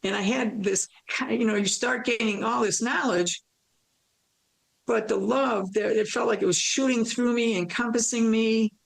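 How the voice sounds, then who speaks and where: A woman recounting a near-death experience in an interview, animated and storytelling, acting out her own thoughts and laughing often. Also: fairly high pitch, normal speed, vocal fry, low-quality recording.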